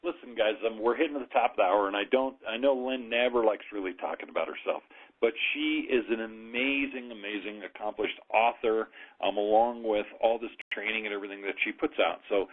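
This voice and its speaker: A man's voice: fairly low pitch, fairly quick. A man hosting a radio talk show, enthusiastic and friendly as he introduces his guest. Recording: tinny phone line.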